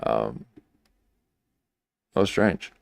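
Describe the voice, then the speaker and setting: A man hosting a live stream, commenting on clips and thinking aloud in a halting, questioning way. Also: dry recording. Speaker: livestream host.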